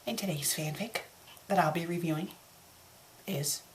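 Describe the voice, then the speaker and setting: A woman hosting a comedic fanfic review, melodramatic, swinging between shouted threats and hushed whispers to calm herself. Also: lowish voice, normal speed, a little hiss or hum. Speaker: fanfic reviewer, show host.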